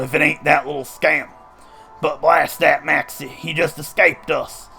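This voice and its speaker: A man voicing a gruff, blustery gang leader with a Southern American accent while playing a video game. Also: a little high, pushed and bright, full character voice.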